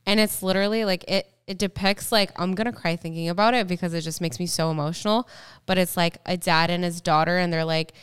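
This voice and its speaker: A young woman co-hosting a podcast, telling stories in a chatty, animated way. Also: on the low side, quick pace, clear, resonant tone. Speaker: podcast co-host. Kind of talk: casual chat.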